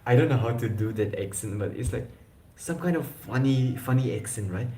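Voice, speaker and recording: A man's voice: medium pitch, normal speed, mellow, a little hiss or hum. A young man chatting casually on a live stream, rambling with slang and restarts. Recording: echoey room.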